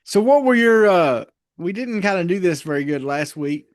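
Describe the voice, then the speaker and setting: A man's voice: high-pitched, expressive, moderate pace, no echo. Easygoing man on a dry mic. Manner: easygoing, laughs often, hedges with "uh". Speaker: podcast co-host. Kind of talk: casual sports chat.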